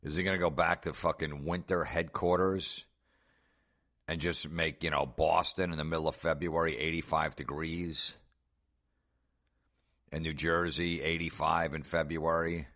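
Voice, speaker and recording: A man's voice: extremely low pitch, little pitch movement, unhurried, fairly bright tone. A man hosting a comedy podcast, mocking things in a sarcastic, profane rant. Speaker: comedian host.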